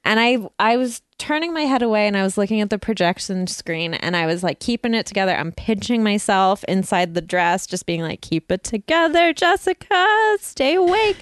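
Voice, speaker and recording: A woman's voice: medium pitch, brisk, few pauses, clear, resonant tone, no room sound, studio quality. A woman hosting a podcast, telling a story in a chatty, self-mocking way and laughing often. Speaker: podcast host. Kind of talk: casual chat.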